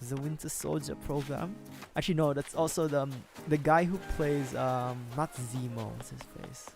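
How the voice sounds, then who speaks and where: A man's voice: medium pitch, level tone, normal speed, gravelly. A man chatting casually through a gaming livestream, rambling and correcting himself, often chuckling. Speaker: streamer. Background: game music.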